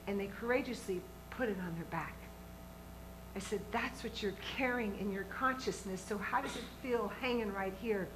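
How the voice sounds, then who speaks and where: A woman's voice: mid-range voice, normal speed, background noise. A woman minister giving a sermon to her congregation in an earnest, emphatic way, often asking them questions. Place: church sanctuary with a congregation.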